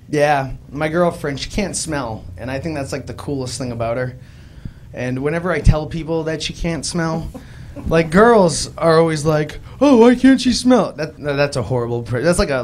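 A man's voice: mid-range voice, a little hiss or hum. A young man with a Boston accent doing a live stand-up comedy set, telling self-deprecating stories and acting out the voices in them. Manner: self-deprecating, animated storytelling with voiced quotes. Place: live club stage.

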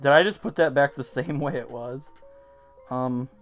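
A man giving casual gameplay commentary as a let's play host, joking and quick to outbursts. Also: medium pitch, faint music behind.

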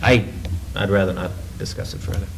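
A man's voice: deep voice, steady tone, brisk, creaky. A man who serves as town manager, speaking at a council meeting in a hesitant way and often saying "you know". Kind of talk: public meeting remarks. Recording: noisy meeting recording.

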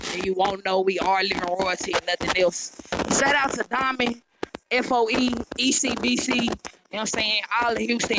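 Woman, rapper, proud shout-outs, loud noise behind her. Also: medium pitch. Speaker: hip-hop artist. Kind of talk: casual interview talk.

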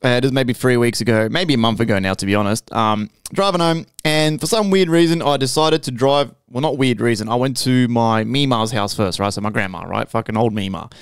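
A young man telling a story on a podcast, animated and full of swearing, checking in with "right?" as he goes. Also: medium pitch, fairly quick, hardly any pauses, clear, resonant tone, no echo. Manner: animated, swears constantly, keeps adding "right?". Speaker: podcast host. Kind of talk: casual storytelling chat.

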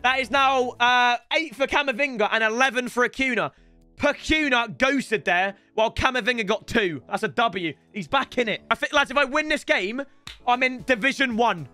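Excitable young gamer, high and bright. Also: male voice, moderate pace, clean tone, no echo, faint music behind. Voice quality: loud shouting outbursts and laughing banter. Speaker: gaming YouTuber. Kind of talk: excitable gameplay commentary.

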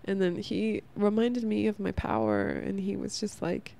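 A woman's voice: medium pitch, fairly even intonation, normal speed, gravelly, few pauses, warm tone. A young woman hosting a casual spiritual podcast, talking in a rambling, heartfelt way and saying "like" a lot. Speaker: podcast host.

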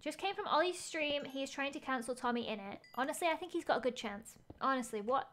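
A woman's voice: high voice, quick pace, fairly bright tone. A woman game streamer chatting casually as she plays, thinking aloud, gasping at finds and reading chat messages.

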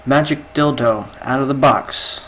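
A man's voice: medium pitch, measured pace, fairly bright tone, slight background noise, lightly acted, poor audio. A man doing an eager shop clerk. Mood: salesy. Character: adult male shop clerk, eager salesman.

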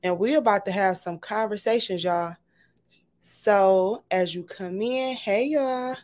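A woman's voice: medium pitch, measured pace, a little mellow. A woman hosting a casual livestream, bubbly and greeting her viewers one by one. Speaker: livestream host.

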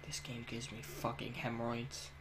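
A man's voice: medium pitch, little pitch movement, normal speed, fairly bright tone. A man giving crude, profane let's play commentary while he plays, ranting and joking. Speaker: gamer.

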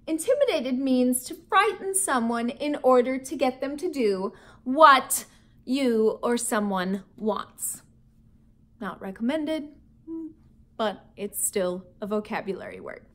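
A woman from Minnesota with a Minnesota accent, a teacher reading a children's book aloud to her students in a friendly, expressive way. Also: high voice, slow pace. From Minnesota, United States. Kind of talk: children's read-aloud storytelling.

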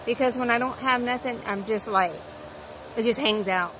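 A woman's voice: fairly high pitch, normal speed, noisy background. Chatty woman vlogging from her car. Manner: rambling storytelling with many fillers. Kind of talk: casual chatty vlog. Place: in her car before work.

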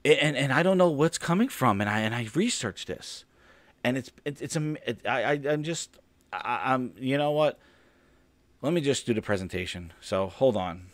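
Over a dry, studio-quality recording with no room sound, a man with a mid-range voice and lively intonation talks at a moderate pace. Hosting a gaming stream, he delivers a rambling, sarcastic, profanity-heavy rant in casual gaming-podcast style.

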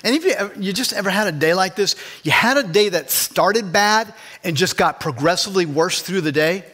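High-voiced man preaching a sermon. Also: lively intonation, a little fast, bright, forceful tone. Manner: conversational, asks the congregation questions. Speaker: pastor. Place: church.

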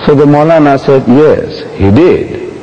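A man's voice: on the high side, expressive, measured pace, mellow, long reverb tail, muffled recording, a little hiss or hum. A man giving a public lecture as an Islamic speaker, telling stories animatedly, with emphatic repetitions and rhetorical questions.

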